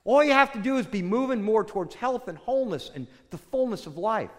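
An older pastor preaches with a high, very lively voice, rising to loud bursts and then dropping almost to a hush. His sermon rings out with the long reverb of a church hall. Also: a little fast. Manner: storytelling, swings between loud bursts and soft hushed lines.

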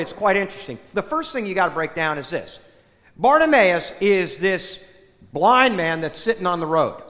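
Lively high-voiced man preaching in a hall. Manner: animated storytelling, swings loud and soft. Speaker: priest. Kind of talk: sermon. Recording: long hall reverb.

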